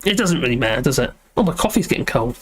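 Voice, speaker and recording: A man's voice: medium pitch, big pitch swings, fast, a little hiss or hum. A man hosting a casual livestream from home, rambling and self-deprecating, with lots of fillers and restarts. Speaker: livestream host reading chat. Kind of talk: casual live chat.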